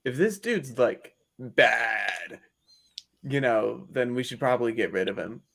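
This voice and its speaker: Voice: medium pitch, lively intonation, measured pace, vocal fry, a bit bright. A young adult player in a tabletop game who jokes and swears casually while chatting at the table. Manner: joking, profane banter.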